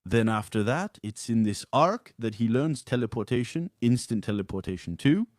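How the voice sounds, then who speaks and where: This podcast co-host is a man whose medium-pitched voice sounds animated and somewhat dark, delivered at a moderate pace. The studio-quality recording has no room sound, and in casual chat he comes across blunt and opinionated.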